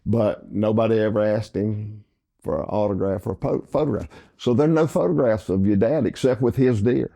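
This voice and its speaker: An older man, hosting a casual chat and telling an animated story. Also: lowish voice, a little fast, gravelly. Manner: animated storyteller acting out other people's voices. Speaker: host.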